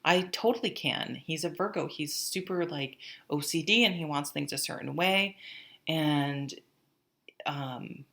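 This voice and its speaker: A woman's voice: low voice, a little slow, vocal fry, pushed and bright. A woman giving a casual, chatty tarot reading to camera, rambling and often breaking off mid-sentence. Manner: chatty, rambling, self-interrupting. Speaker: tarot reader.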